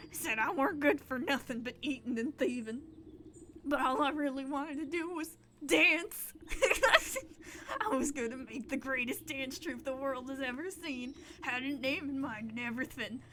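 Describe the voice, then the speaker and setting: A woman's voice: sits high, moderate pace, a bit bright, slight background noise. A woman putting on a blubbering brute of a bandit. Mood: sobbing. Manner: rough folksy speech, sobbing and wailing. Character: huge blubbering male bandit, crude and soft-hearted.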